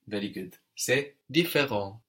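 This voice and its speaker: A man's voice: on the low side, animated, unhurried, fairly bright tone. A man teaching French in an audio lesson, patient and methodical, prompting the learner and spelling words letter by letter.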